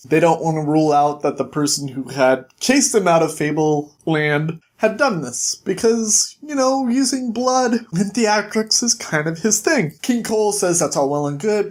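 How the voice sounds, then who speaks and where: A reviewer casually recapping a comic issue, retelling scenes and reading out quoted lines. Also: mid-range voice.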